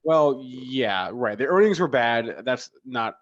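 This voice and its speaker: A man's voice: mid-range voice, lively intonation, takes it slowly, no echo. Male show host, dry muffled sound. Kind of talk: live trading talk show hosting.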